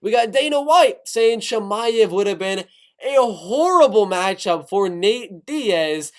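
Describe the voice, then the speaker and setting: A man with a high-pitched voice runs through fight news in a casual, excitable way. He keeps turning to his audience with direct questions. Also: slow pace. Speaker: MMA news YouTuber. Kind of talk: casual sports news commentary.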